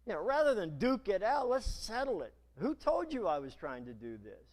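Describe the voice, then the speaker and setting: A male pastor preaching a sermon in a church, retelling scripture in a dramatic, animated storytelling manner. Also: high-pitched, moderate pace.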